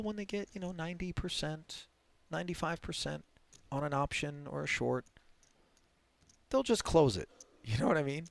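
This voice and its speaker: Male poker commentator, lively pitch swings and a gravelly edge, tells anecdotes with laughs, headset mic. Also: dry recording. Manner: animated storyteller, laughs through anecdotes. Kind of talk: live poker commentary and storytelling.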